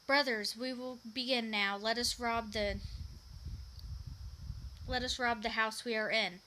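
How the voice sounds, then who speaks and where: A woman reading the lines of a fat, blustering male bandit in a storybook, loud and emphatic. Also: fairly high pitch, steady tone, unhurried, slight background noise.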